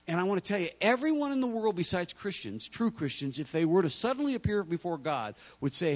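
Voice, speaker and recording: A man's voice: high voice, very animated, brisk, hardly any pauses. A man preaching a sermon, talking to the congregation directly and acting out imagined speakers. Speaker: pastor.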